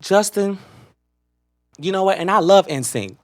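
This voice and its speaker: A young man co-hosting a casual podcast, talking in sassy, dramatic rants that flare up loud. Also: high voice, lively intonation, measured pace. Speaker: podcast co-host.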